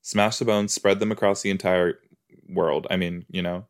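A man casually reacting to a TV episode as a podcast host, rambling and excitable, often cutting himself off mid-thought. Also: low voice, moderate pace. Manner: rambling, excitable, self-interrupting.

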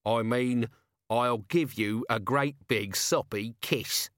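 A man's voice: mid-range voice, takes it slowly, a bit bright, dry recording, studio quality. A man voicing a growling, threatening guard disguised as a woman in an audiobook. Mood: menacing.

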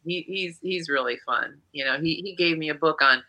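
A woman's voice: deep voice, normal speed, sharp tone. A woman in her sixties from South Dakota, chatting casually as a guest on a video call and laughing often. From eastern South Dakota. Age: 60s. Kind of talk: casual chat.

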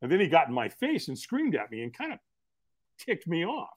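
A man as a podcast guest, telling a story in a casual, animated way, acting out other people's lines, laughing often and swearing now and then. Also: a little high, fairly quick.

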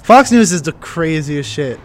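A man co-hosting a podcast in casual comedic chat, trading deadpan jokes outdoors at a bar at night. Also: fairly high pitch, measured pace, slight background noise. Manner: deadpan joking. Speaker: podcast co-host.

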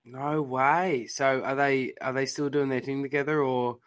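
An Australian man with a mid-range voice hosts in a relaxed, chatty manner. He swears casually and keeps the talk loose and friendly. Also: medium pitch, measured pace. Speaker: podcast host. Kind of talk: casual chat.

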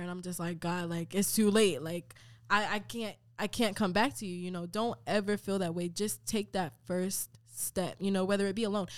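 Young woman guest, twenties, animated and emphatic, repeats phrases, mid-pitched. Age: 20s. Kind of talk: casual faith talk.

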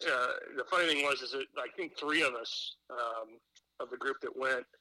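A man's voice: medium pitch, normal speed, pushed and bright, dry recording, low-quality recording. A man chatting as a podcast guest, telling rambling stories full of fillers and restarts. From Indiana. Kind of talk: casual chat.

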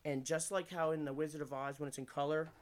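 A man from Pennsylvania tells crude, self-mocking anecdotes at a rapid clip, his voice pitched a little above the usual. He rambles like a comedian guesting on a casual podcast, talking indoors. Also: steady tone. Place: indoors room.

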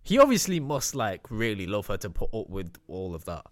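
A man's voice: lowish voice, very animated, brisk, no room sound, studio quality. A young man, a podcast co-host, chatting casually and thinking aloud with hesitations. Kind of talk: casual chat.

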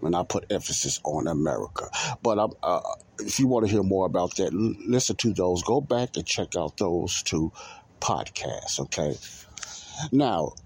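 Deep, husky-voiced male podcast host. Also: lively intonation, moderate pace, a little mellow, dry recording. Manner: rambling, repeats himself, frequent "uh" and "you know". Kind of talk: casual religious podcast monologue.

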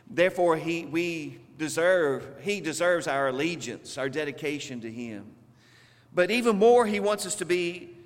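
A man preaching a sermon with a Southern US accent, speaking slowly and deliberately with emphatic pauses. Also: fairly high pitch, a bit bright, big-room sound. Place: church sanctuary.

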